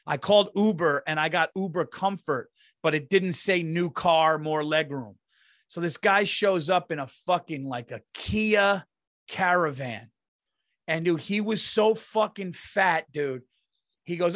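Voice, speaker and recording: Profane, rambling man telling stories, high voice, dry sound. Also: a little slow, a bit bright, dry recording. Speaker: comedian podcast host. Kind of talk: casual storytelling chat.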